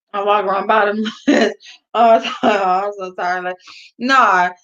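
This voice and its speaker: Brief: slow, higher-voiced woman livestream host, giggly and blunt, on dull lo-fi audio. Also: a bit bright. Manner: giggly, laughing through her words; slangy, blunt, swears freely. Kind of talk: casual chat with live viewers.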